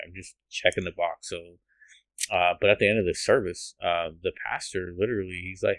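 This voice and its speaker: A man's voice: low-pitched, fairly quick, fairly bright tone, no echo. A man guest on a podcast, telling an emotional personal testimony in an earnest, rambling way with restarts and laughs, from the United States.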